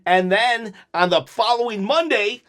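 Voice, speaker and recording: High-voiced man reacting with laughter. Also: a little slow. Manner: animated, laughs often, mimics lines. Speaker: channel host reacting to clips. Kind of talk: casual reaction commentary.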